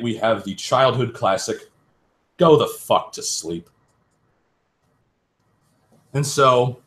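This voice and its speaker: A man, a voice actor guest on a livestream, giving a theatrical, expressive reading. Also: medium pitch.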